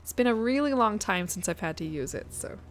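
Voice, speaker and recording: A woman's voice: medium pitch, expressive, fairly quick, a little hiss or hum. A woman, chatting casually to her viewers while playing a game on a live stream and thinking aloud. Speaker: guest streamer.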